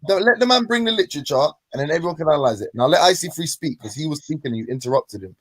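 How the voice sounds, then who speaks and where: Man moderating a rowdy debate, quick and higher-pitched. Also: expressive, dry recording. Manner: interrupting, trying to keep order. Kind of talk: heated online debate.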